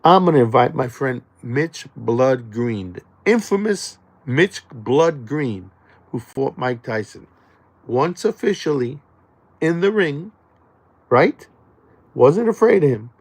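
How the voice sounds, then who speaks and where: A man with a gravelly, fry-edged voice pitches his podcast in a rowdy, jokey monologue. He jumps from near-shouts down to low asides, and his pitch sits in an ordinary middle range. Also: expressive, slow. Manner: loud, jokey, swings between shouting and muttering. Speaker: podcast host. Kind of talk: hyped podcast promo monologue.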